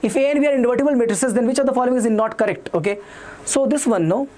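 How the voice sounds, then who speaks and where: A young man with an Indian English accent teaching a live online maths revision class, talking quickly and repeating himself while reading out students' comments. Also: very high-pitched, darkish tone. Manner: fast, repetitive, reads students' chat comments aloud.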